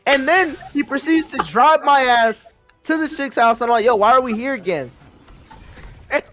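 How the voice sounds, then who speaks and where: A man in his twenties telling a rambling, profane story casually while gaming, breaking into loud, excited bursts. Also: extremely high pitch, normal speed, soft background music.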